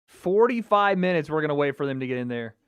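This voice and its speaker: A man's voice: fairly high pitch, animated, quick pace, clean tone, dry recording. A man hosting a casual livestream watch party, chatting and reacting to viewer comments. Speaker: livestream host.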